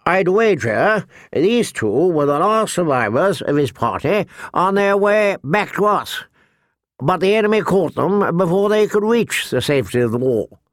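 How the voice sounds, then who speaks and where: A man's voice: sits high, very animated, a little slow, no room sound, clean studio sound, pitched above the performer's own voice. A man voicing a cold, impatient knight who speaks curtly. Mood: assured. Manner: cold, curt.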